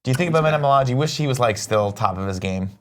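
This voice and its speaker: A man's voice: mid-range voice, animated, racing, a bit bright. A young man co-hosting a talk show, bantering with teasing sarcasm. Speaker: podcast co-host. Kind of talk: casual chat.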